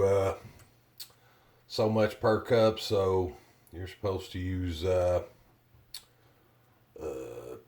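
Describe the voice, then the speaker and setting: Deep-voiced man hosting a cooking video. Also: darkish tone. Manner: chatty, plainspoken, with frequent fillers. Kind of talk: casual cooking demonstration.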